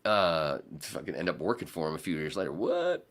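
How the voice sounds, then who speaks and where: Brief: a male podcast guest, animated and profane storyteller, low and bright. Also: fairly quick. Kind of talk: casual storytelling chat.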